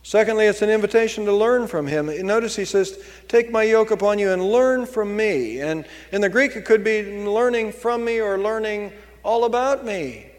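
A man's voice: high voice, moderate pace, hardly any pauses, in a large hall. A man preaching a sermon as pastor, driving points home with emphatic repetition.

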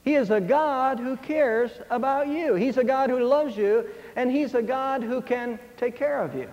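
A man's voice: very high-pitched, unhurried, a little mellow. A man preaching a sermon, telling a fable and quoting scripture earnestly and with emphasis. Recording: dull lo-fi sound in a reverberant hall.

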